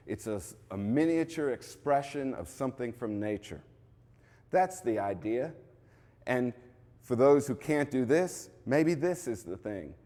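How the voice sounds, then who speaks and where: A man calmly explaining, an instructor giving a measured demonstration. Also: mid-range voice, long reverb tail. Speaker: bonsai instructor.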